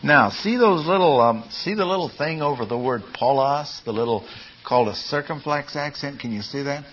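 A man's voice: medium pitch, animated, normal speed, fairly bright tone, muffled recording, slight background noise. A man teaching a class on Bible Greek, explaining patiently step by step and putting questions to his listeners. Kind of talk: classroom lecture.

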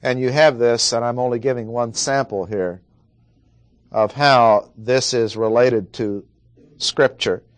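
A man preaching a verse-by-verse sermon in a medium-pitched voice. He speaks deliberately, leaning on key words and repeating points for emphasis. The sound is dry and close, with no room echo. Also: steady tone. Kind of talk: expository sermon.

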